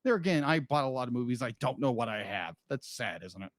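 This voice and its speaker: A man's voice: medium pitch, lively intonation, fast talker, no room sound, studio quality. A man co-hosting a podcast in casual chat, rambling with frequent restarts and laughs. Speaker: podcast co-host.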